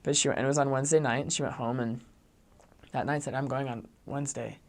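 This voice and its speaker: He talks fast in a medium-pitched voice: a young returned missionary spinning a casual, animated story and dropping "like" again and again.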